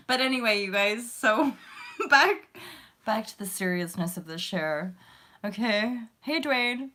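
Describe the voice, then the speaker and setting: A woman's voice: mid-range voice, animated, slow pace, sharp tone. A woman in her thirties hosting a casual spiritual livestream, rambling and giggling as she talks to viewers in the chat. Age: 30s. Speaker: host of a spiritual livestream show.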